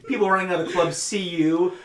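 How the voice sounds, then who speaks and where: A man's voice: high-pitched, steady tone, a little fast, reverberant. A man running a tabletop game as game master, narrating the scene and laughing through hiccups.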